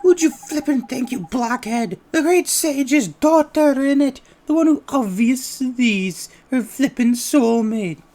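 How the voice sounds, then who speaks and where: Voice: sits high, measured pace, hardly any pauses. Someone putting on a brash chattering fairy guy. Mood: cheeky. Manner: brash, excitable, slangy. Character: cheeky chattering male fairy sidekick.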